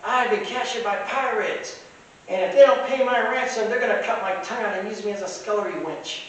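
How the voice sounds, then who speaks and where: A man's voice: high-pitched, brisk, fairly bright tone, pitched above the performer's own voice. A man putting on the voice of a six-year-old girl who earnestly recites that she is a pirates' captive. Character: small girl of six, solemn, playing captive. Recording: echoey room, distant mic, faint hiss.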